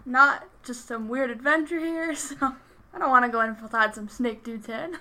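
A reluctant young adventurer who just wants to go home, subdued and weary, as a woman plays him. The voice is high and bright. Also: moderate pace.

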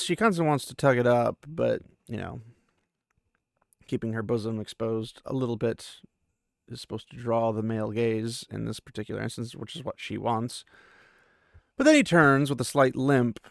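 A man's voice: medium pitch, gravelly, no echo, studio quality. A male podcast host giving a casual, rambling recap of a book chapter, full of fillers and asides. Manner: rambling and chatty, with many fillers.

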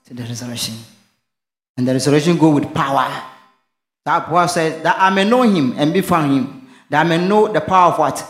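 A man's voice: a little high, brisk, fairly bright tone, reverberant. A man, preaching a sermon and asking questions for the congregation to finish, mixing in local phrases. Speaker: pastor. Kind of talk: call-and-response sermon.

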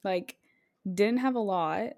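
A young woman in her twenties co-hosting a podcast, chatting casually and telling animated stories full of "like". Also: mid-range voice, takes it slowly. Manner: chatty storyteller, animated, heavy on 'like'. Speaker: podcast co-host. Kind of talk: casual chat.

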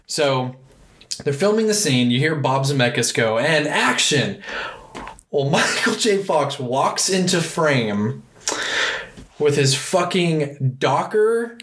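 A man's voice: on the high side, expressive, slow pace, a bit bright, reverberant, slight background noise. A man co-hosting a podcast, chatting casually about a movie and retelling scenes with lots of swearing. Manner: profane storyteller, acts out scenes. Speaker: podcast co-host.

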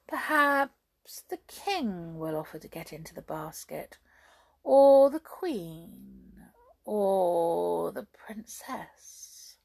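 A woman voicing a sly female witch in a storybook, chanting spells in a hushed sing-song. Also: lowish voice, wildly swooping pitch, drawn-out words, creaky, husky, exaggerated voice.

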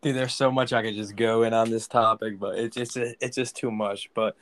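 A man's voice: on the low side, steady tone, moderate pace. A man co-hosting a podcast, speaking bluntly and defiantly in casual debate. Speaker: podcast co-host.

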